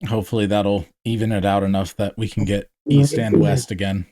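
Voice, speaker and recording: A man from North Georgia with a Southern accent, hosting a podcast in relaxed, rambling casual chat. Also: lowish voice, fairly quick, noisy background. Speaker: podcast host.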